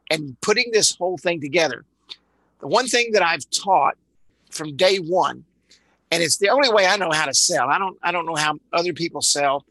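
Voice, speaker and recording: A man from Dallas, Texas, with a Texan accent leads a live online sales training, rambling along with lots of repeated words and uhs. His voice is a little high, bright and forceful, captured in a dry, rough recording.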